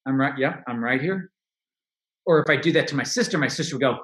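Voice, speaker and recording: A man's voice: mid-range voice, quick pace, fairly bright tone. Candid man in an echoey room. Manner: candid, reflective, with frequent restarts and laughs. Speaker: podcast guest, money coach. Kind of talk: casual interview talk.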